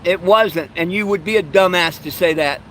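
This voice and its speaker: A man's voice: sits high, moderate pace, fairly bright tone, slight background noise. A middle-aged man hosting a live stream, reading chat comments aloud and trading insults with trolls. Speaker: livestream host.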